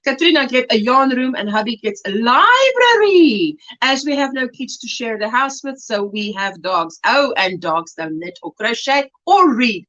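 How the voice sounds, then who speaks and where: A middle-aged South African woman chats her way through a crochet livestream, her voice fairly high and swinging up and down as she greets viewers by name. The sound is dull and lo-fi, like a home stream. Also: big pitch swings, measured pace, few pauses. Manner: warm-hearted, chatty, greets viewers as sweetheart. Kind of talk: casual livestream chat reading comments.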